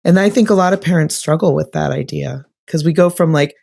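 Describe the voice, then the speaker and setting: Gravelly-voiced woman co-host, chatty. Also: low voice, brisk, mellow. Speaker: podcast co-host. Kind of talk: casual conversation.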